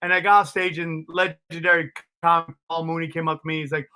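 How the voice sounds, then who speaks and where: Male comic guest, high and sharp, animated, swears freely, spins casual anecdotes. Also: a little fast, clean tone. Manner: animated, profane, laughs at his own stories. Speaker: comedian guest. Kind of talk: casual storytelling interview.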